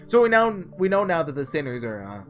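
Excitable man reading a game aloud. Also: fairly high pitch, brisk, soft background music. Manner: excitable, rambling aside. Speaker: let's play host. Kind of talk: reading a visual novel aloud with commentary.

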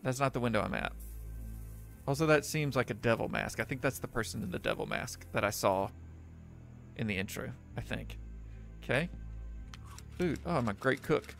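Faint music plays behind a young man's animated, gravelly voice as he does let's play commentary on a horror game. He sits at a desk microphone, reading the on-screen text sarcastically, cracking jokes and laughing often. His pitch is medium, his speed normal, his tone fairly bright, and he leaves long pauses.

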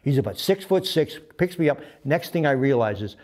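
A man's voice: medium pitch, expressive, brisk, darkish tone, a little hiss or hum. A man in his seventies telling war stories in an interview, swearing freely and acting out the voices and sounds in his tales. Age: 70s. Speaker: interviewee, veteran pilot. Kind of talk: animated storytelling.

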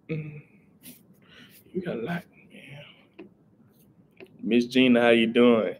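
A man's voice: mid-range voice, slow, pauses often, a little hiss or hum. A young man, rambling casually on a live stream and greeting viewers in chat. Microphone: headset.

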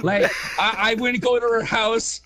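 A man's voice: very high-pitched, steady tone, unhurried, pushed and bright. A man chatting casually while gaming, telling rambling stories, swearing and laughing often. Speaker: game player. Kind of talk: casual gaming chat with storytelling.

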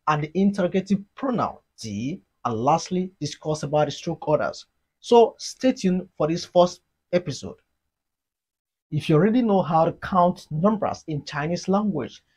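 A Mandarin teacher giving an online lesson, explaining slowly and deliberately and leading repeat-after-me drills. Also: medium pitch, slightly rough. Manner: slow, deliberate explaining, modeling sounds for learners.

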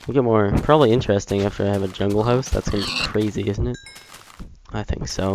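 A young man giving casual, chatty gameplay commentary as a Let's Play gamer, self-mocking and prone to excited outbursts. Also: fairly low pitch, fast, slight background noise.

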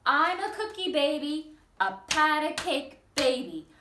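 A woman's voice: high-pitched, very animated, measured pace, noisy background. A woman reading a picture book and nursery rhymes to young children at a library storytime, sing-song and coaxing them to join in. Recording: echoey room, mic at a distance.

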